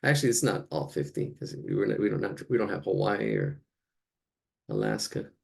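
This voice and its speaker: Gravelly low-voiced man muttering while drawing. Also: huge pitch swings, fairly quick. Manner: rambling, muttering, chuckling asides. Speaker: drawing instructor. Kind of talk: casual narration while drawing.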